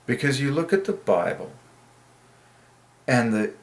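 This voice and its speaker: A man's voice: mid-range voice, sing-song, a little slow. A man giving a casual, earnest reflection on the Bible, rambling and candid, often laughing and saying "like.". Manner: earnest, emotional. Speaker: Christian video maker.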